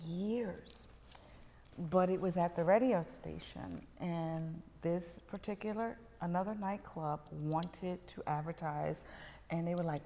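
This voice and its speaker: A middle-aged woman telling a personal story as a podcast guest, animated and dropping to whispers at tense moments. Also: lowish voice, long reverb tail.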